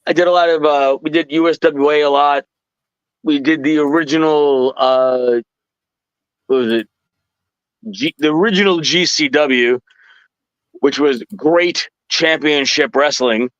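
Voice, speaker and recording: A middle-aged man with a somewhat high voice tells stories in an easy, chatty way, jumping into loud impressions of the people he quotes. The sound is dull and lo-fi, close and dry like a livestream call. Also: a little slow, long pauses, clean tone, no echo. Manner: animated, acts out quotes in a raised voice. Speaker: podcast guest telling stories. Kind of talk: casual storytelling chat. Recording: dull dry lo-fi stream audio.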